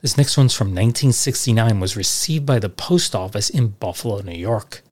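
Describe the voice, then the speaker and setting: A man's voice: lowish voice, animated, normal speed, darkish tone. A middle-aged man hosting a podcast, reading old letters aloud and adding chatty, dry, sarcastic asides. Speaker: podcast host.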